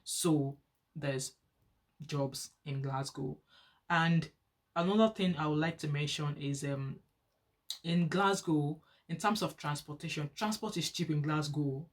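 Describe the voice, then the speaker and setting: Chatty Nigerian woman vlogger. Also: measured pace. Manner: chatty and animated, rising higher when excited. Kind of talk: casual chat to camera.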